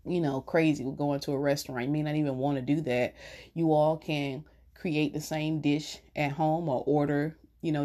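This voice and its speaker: A middle-aged woman chatting casually to viewers, telling stories with laughter. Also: deep voice. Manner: chatty, warm storytelling with laughs. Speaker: vlogger.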